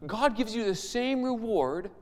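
A man's voice: high-pitched, lively intonation, a little slow. Preacher man in a reverberant church hall. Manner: reads scripture aloud then explains it conversationally, with rising emphatic questions. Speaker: pastor. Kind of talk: sermon.

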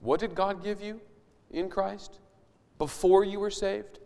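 A man's voice: high voice, steady tone, measured pace, creaky, darkish tone. Preacher man in a reverberant church hall. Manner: reads scripture aloud then explains it conversationally, with rising emphatic questions. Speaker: pastor. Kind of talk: sermon.

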